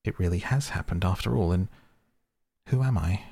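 A man's voice: deep voice, normal speed, vocal fry, dark tone, slightly rough, heavily acted. A man reading the part of a curious young girl who rambles and muses aloud to herself in a storybook. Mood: musing.

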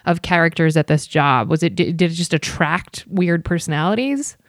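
A woman hosting a relaxed podcast interview, with a lowish voice. She reacts quickly with playful asides and asks curious questions. The sound is close and dry. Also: no room sound. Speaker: host.

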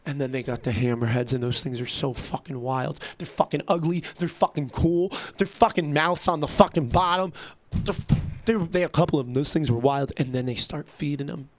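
A young man telling a rambling, excitable story into a computer mic, swearing constantly. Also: on the high side, fairly quick. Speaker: vlogger. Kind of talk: casual rambling monologue. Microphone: computer mic at a keyboard.

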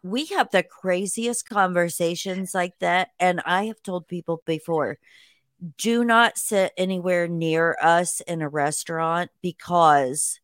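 A woman's voice: fairly low pitch, dry recording. Dry-sounding enthusiastic woman host. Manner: enthusiastic, laughing reactions. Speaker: podcast host. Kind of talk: casual chat.

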